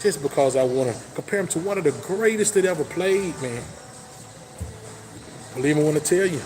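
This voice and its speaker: A man hosting a casual football talk show, hyping his team with loud, boastful trash talk. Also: fairly high pitch, expressive, brisk, faint music behind. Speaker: sports talk host. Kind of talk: casual sports chat.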